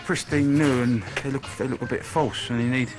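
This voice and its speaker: A man's voice: mid-range voice, steady tone, fairly quick, over music. A man explaining his prop work, hesitant and thoughtful. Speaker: props maker. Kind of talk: explaining to camera.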